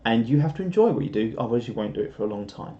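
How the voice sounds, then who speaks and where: A man's voice: medium pitch, lively intonation, racing, dark tone. A British man hosting a casual live stream and chatting through viewer comments in a rambling, self-deprecating way, chuckling often. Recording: dull lo-fi stream audio.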